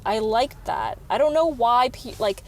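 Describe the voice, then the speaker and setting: A woman's voice: on the high side, lively intonation, unhurried. A young woman co-hosting a casual movie review chat in a car, chatty and giggly, with lots of "like". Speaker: co-host of a movie review show. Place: inside a car. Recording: car noise, loud road hum.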